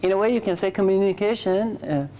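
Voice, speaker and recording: Woman, English teacher, patient, corrects learners, mellow tone, faint room noise. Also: mid-range voice, fast. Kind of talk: classroom teaching.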